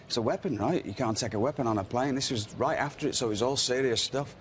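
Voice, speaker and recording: Over a faint hiss or hum, a middle-aged wrestling podcast guest speaks quickly at medium pitch. He casually shares lively wrestling stories, performing the quoted lines.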